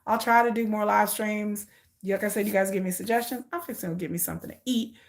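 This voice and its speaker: A woman's voice: medium pitch, fairly even intonation, fast talker. A woman hosting a casual live stream, talking in an emphatic, repetitive way and calling her viewers y'all. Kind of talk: casual livestream commentary.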